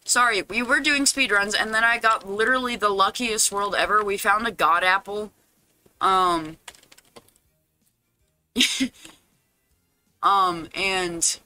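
In a high voice, this game streamer chats casually with his viewers, frets aloud, and every so often bursts into loud, dramatic cries.

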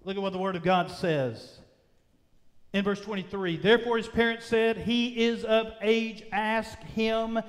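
A male pastor preaching a sermon, with emphatic drawn-out phrases that swing between loud and soft. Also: sits high, fairly even intonation. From United States. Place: church sanctuary. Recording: long reverb of a church sanctuary.

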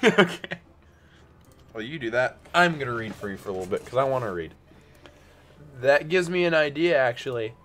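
A man's voice: mid-range voice, expressive, moderate pace, pauses often, a bit bright, soft background music. A male streamer chatting casually and joking while playing a game, laughing often.

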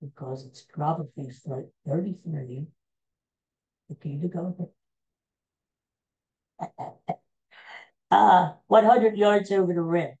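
A woman hosting a podcast, recapping old TV episodes in a casual, meandering, animated storytelling way. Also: on the low side, slow pace, pauses often, rough recording. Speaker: podcast host.

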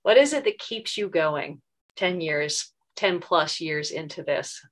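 Brief Woman host on video call, lowish voice, upbeat questioning. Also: takes it slowly. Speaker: host of the community event. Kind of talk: casual video-call discussion.

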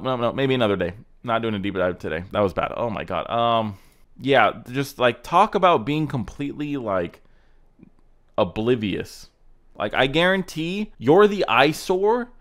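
A man hosting a casual reaction video, ranting sarcastically and swearing as he mocks car clips. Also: mid-range voice. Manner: sarcastic, ranting, profane roasting.

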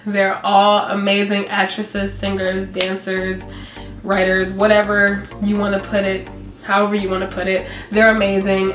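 Young woman, casual vlog chat, lively storytelling, mid pitch, echoey room, faint music. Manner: animated storytelling, acts out quotes in a higher voice. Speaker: vlogger.

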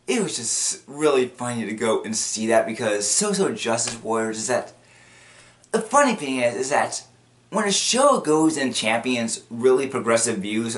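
A man casually recapping a cartoon episode, rambling and repetitive with many restarts, bursting into acted quotes. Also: mid-range voice. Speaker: video commentator.

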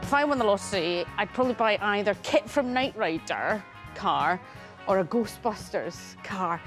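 A woman's voice: mid-range voice, lively intonation, moderate pace, over music. A woman with a Glaswegian accent presenting on location in a car museum, chatty and jokey.

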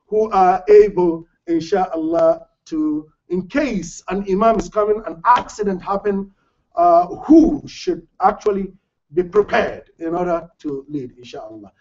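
High-voiced imam telling stories in class. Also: male voice, lively intonation, measured pace. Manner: storytelling, jokes with the audience. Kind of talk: informal lecture to a congregation. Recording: dull lo-fi class recording.

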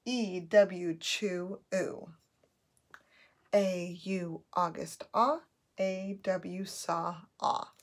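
A woman's voice: on the low side, fairly even intonation, very slow. A woman teaching a phonics lesson, sounding out letters and words patiently for children to repeat.

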